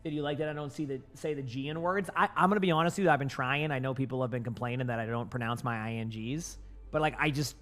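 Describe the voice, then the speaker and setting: A man's voice: medium pitch, fast, fairly bright tone. A young man with a light Boston accent, a gaming streamer chatting casually with his viewers, rambling with lots of fillers and restarts. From Boston area.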